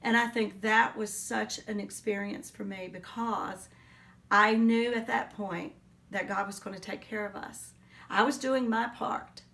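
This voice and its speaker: A middle-aged woman giving an oral history interview, telling her story in an earnest, reflective way with pauses and fillers. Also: medium pitch, fairly even intonation, vocal fry, fairly bright tone, far from the mic. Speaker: interviewee, teacher.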